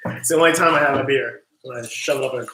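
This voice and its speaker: A low-voiced woman chats and laughs her way through a kitchen livestream while doing the dishes. The sound is echoey, with faint background noise. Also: fast talker, fairly bright tone. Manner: laughing, chatty. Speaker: co-host. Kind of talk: casual chat while cooking.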